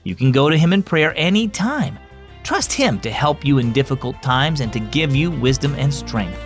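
A man hosting a Christian children's devotional and reading a story aloud, gentle and expressive. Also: mid-range voice, normal speed, faint music behind. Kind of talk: scripted narration for children.

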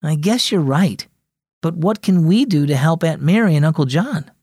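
A man voicing an earnest, curious young schoolgirl in a children's storybook reading, lifting his voice higher for her lines. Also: lively intonation, normal speed, a little mellow, breathy edge, no room sound, studio quality. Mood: pained.

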